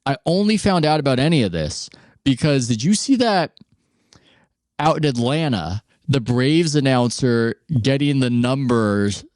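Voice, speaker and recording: A man's voice: mid-range voice, very animated, unhurried, a little mellow, dry recording, clean studio sound. A man hosting a podcast, talking sports in a rambling, conversational way. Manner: rambling, conversational, self-interrupting. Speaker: podcast host. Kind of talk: casual sports chat.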